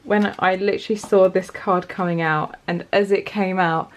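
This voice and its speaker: A woman's voice: mid-range voice, steady tone, moderate pace. Chatty woman giving a tarot reading. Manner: chatty and encouraging, addressing viewers directly. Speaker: tarot reader. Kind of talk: casual pick-a-card tarot reading.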